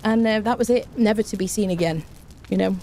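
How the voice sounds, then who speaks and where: A woman's voice: mid-range voice, fast talker, warm tone, slight background noise. A woman chatting casually on a game live stream, rambling and thanking viewers by name.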